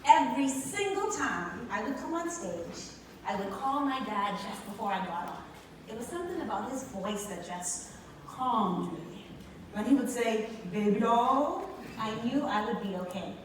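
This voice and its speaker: A woman's voice: on the high side, moderate pace. Woman from the Bahamas telling a story in an echoey hall. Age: young adult. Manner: expressive storyteller who talks to the audience. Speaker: speaker. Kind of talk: personal story speech on stage. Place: large hall with an audience. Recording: echoey hall from far off, with background noise.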